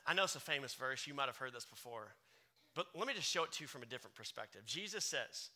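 A man preaching a sermon to a live congregation, swinging from loud emphatic lines to low hushed ones. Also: expressive, fast talker. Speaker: pastor.

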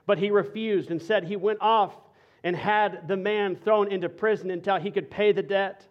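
A man with a high-pitched voice preaches a sermon, talking to the room in a casual, conversational way that swings between punchy emphasis and a hushed, earnest tone. The recording sounds a little dull and lo-fi. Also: moderate pace. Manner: energetic and conversational, dropping to soft intensity. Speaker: pastor.

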